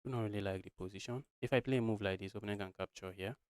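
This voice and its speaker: A young Nigerian chess streamer gives live commentary on his own game in a smooth, resonant, fairly low voice, talking rapidly. He thinks aloud, muttering lines of play, and often calls his viewers "guys". The recording is dry and close-miked, with no room sound.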